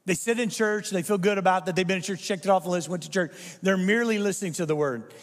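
A man's voice: high voice, fast talker, big-room sound. A male pastor preaching a sermon with emphatic delivery, firing rhetorical questions at the congregation.

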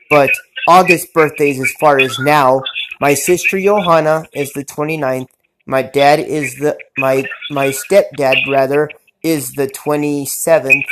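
A man's voice: fairly high pitch, background noise. A man with a Southern US accent hosting a casual phone-in chat show, easygoing and drawling. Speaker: podcast host.

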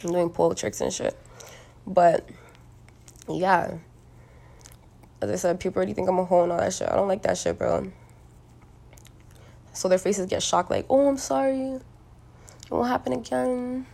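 A young woman rambling through a casual monologue. She is blunt and profane, leans on lots of likes and you-knows, and her voice is hoarse from smoking. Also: fairly low pitch, flat delivery, moderate pace, pauses often, warm tone. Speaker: solo monologue recorder.

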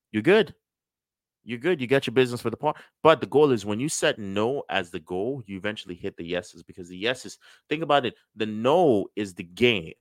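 A middle-aged man giving a casual motivational talk on sales and business, lively and acting out quoted voices. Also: mid-range voice, no echo. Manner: animated, acts out quoted voices.

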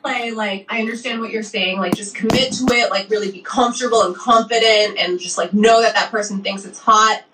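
A woman co-hosting a podcast, giving frank advice in a relaxed way with many fillers. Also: medium pitch, fairly quick, few pauses, background noise. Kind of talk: casual advice chat.

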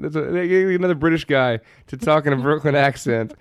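A man co-hosting a podcast in casual chat, excitable and profane. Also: fairly high pitch, brisk, smooth, no echo. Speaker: podcast co-host.

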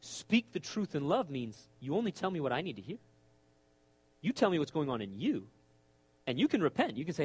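A man's voice: fairly high pitch, very animated, brisk, pauses often, a little mellow, husky. A middle-aged man, a pastor, preaching an emphatic sermon and acting out quoted voices.

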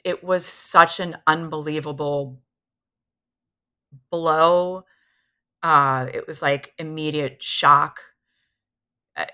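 A woman in her thirties speaks as a podcast guest, retelling events from her own life. Her voice sits low but carries a bright, forceful tone. She talks candidly and animatedly, slipping into the voices of the people in her story. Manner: candid, animated retelling that acts out what others said. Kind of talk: personal storytelling in a conversation.

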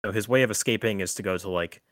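A podcast host recaps a horror film in casual, rambling chat, loaded with frequent "like" and "um." His voice is fairly low and a bit bright, with a quick pace and no room sound.

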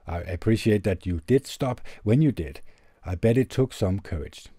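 Guy reading a heartfelt letter on his podcast, low voice, super mellow, dry close sound. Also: animated, husky, dry recording. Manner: earnest, measured, gentle delivery. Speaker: podcast host. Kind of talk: reading a letter aloud, then reflective commentary. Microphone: tube condenser studio mic.

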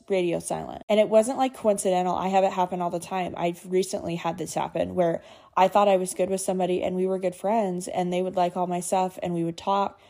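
A warm, medium-pitched voice belongs to this woman in her twenties, who hosts a podcast on her own. Candid and earnest, she shares heartfelt thoughts and doesn't shy away from casual swearing.

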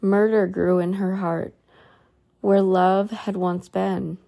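A woman reading a religious book aloud in an earnest tone, adding soft asides of her own. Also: mid-range voice, level tone, slow, vocal fry.

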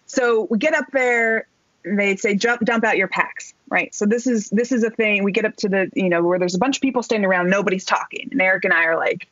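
A woman tells a story at a lively clip, chatty and salty, mimicking the people in it. The audio is a little dull and lo-fi. The room sounds dry and close. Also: mid-range voice, fast talker, dry recording. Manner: animated, chatty, salty language, acts out quotes. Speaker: guest, Marine Corps major. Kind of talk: casual storytelling.

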